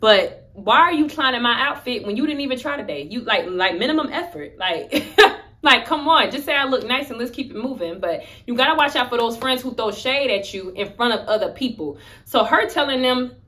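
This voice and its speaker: A young woman chats through a storytime vlog in a bright, forceful voice. She talks in slang and acts out the lines she quotes with lively energy. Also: a little high, a little fast. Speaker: vlogger telling a story. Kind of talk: casual storytime chat.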